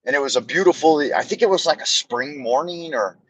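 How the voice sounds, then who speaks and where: A man's voice: on the high side, expressive, a little fast, fairly bright tone, slightly rough, no room sound, low-quality recording. A man rambling and telling stories on a live stream from his car while driving, with a meandering, self-deprecating, joking manner. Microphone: phone on a camera mount.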